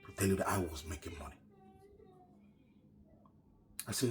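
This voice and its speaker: A middle-aged man telling his own story in an earnest, emotional way, often dropping to a hushed voice. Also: deep voice, rapid-fire, soft background music. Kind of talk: personal story told to camera.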